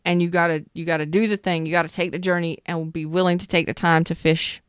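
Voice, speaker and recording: A woman's voice: on the low side, flat delivery, fast talker, few pauses, clear, resonant tone, no room sound, clean studio sound. A woman hosting a live tarot reading, casual and emphatic, repeating phrases and chatting with viewers. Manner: talks to viewers in the chat.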